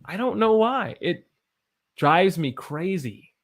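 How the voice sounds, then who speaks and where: An American man teaching English live, talking in an animated, exclamatory way. His voice sits a little high and swings widely in pitch as he reacts to chat comments. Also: slow pace. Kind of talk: live-stream lesson, reading chat.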